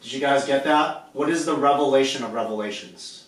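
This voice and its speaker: A man's voice: medium pitch, fairly quick. A man teaching a class, often stopping to check that the listeners follow. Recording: far-off mic in a very echoey room.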